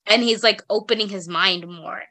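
Young female podcast co-host, bright tone, chatty and rambling, casual. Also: mid-range voice, normal speed. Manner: chatty, rambling storyteller with many fillers. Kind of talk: casual chat.

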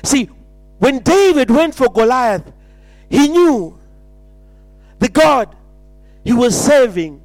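A man's voice: extremely high pitch, sing-song, takes it slowly, pauses often, a little mellow, no echo, faint music behind. A man preaching an impassioned sermon, repeating phrases and stumbling into restarts.

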